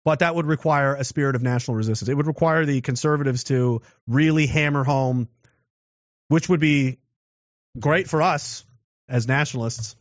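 Speaking at a normal speed in a mid-range voice, a male political commentator wanders through a loose monologue, often starting over and posing rhetorical questions. There's no room sound; the recording is dry, dull and lo-fi.

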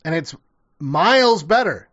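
The voice is a fairly high-pitched man, talking loosely and sarcastically with plenty of swearing. He goes back over his own sentences and restarts them often. The audio is dull and lo-fi. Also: very animated, a little slow, fairly bright tone. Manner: rambling, profane, sarcastic, with many restarts. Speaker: commentator reacting to an old TV show. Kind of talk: casual reaction commentary.

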